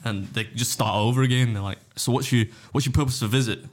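Talking fast in a mid-range voice, a man who is a competitive eater spins an anecdote as a podcast guest. The chat is casual, and he keeps mimicking what others said, cursing without restraint and breaking into frequent laughter.

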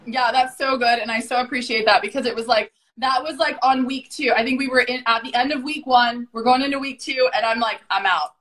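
A woman guest on a podcast, telling stories in a high-energy, profane, animated way. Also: a little fast, few pauses, rough recording. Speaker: podcast guest, business coach. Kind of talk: casual podcast conversation.

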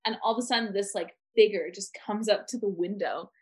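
A woman's voice: medium pitch, brisk. Young woman rambling in casual podcast chat. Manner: rambling, heavy use of "like". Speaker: podcast co-host.

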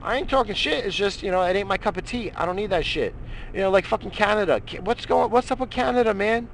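This clip has a middle-aged radio host going off about politics, cursing constantly and restarting his thoughts as he rambles through his morning show. He talks fast in a high-pitched voice, with a little noise in the background.

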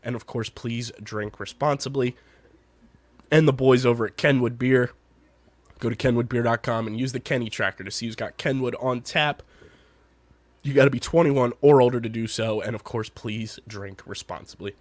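A man's voice: mid-range voice, normal speed, no echo. A man hosting a casual podcast, tired and congested, chatting in a loose, rambling, upbeat way. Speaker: podcast host. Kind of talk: casual chat.

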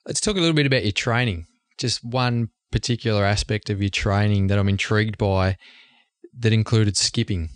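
Curious male interviewer with a fairly deep voice, recorded dry. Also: normal speed, dry recording. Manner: curious, leading questions. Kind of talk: interview questions.

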